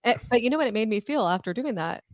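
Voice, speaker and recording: A woman's voice: a little high, animated, fast talker, dry recording. A woman co-hosting a podcast, telling a personal story in a rambling, filler-heavy way. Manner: rambling, many fillers, laughs as she tells it. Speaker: podcast co-host. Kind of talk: casual storytelling.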